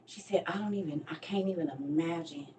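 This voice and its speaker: A woman in her thirties telling a personal story with rising passion, sometimes near shouting, in casual dialect speech. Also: low voice, fairly quick, a little hiss or hum. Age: 30s. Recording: voice distant from the mic.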